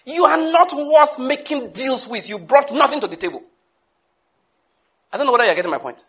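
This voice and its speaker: A man preaching a sermon, emphatic, repeating key phrases and sometimes bursting into shouts. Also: very high voice, lively intonation, normal speed, pauses often.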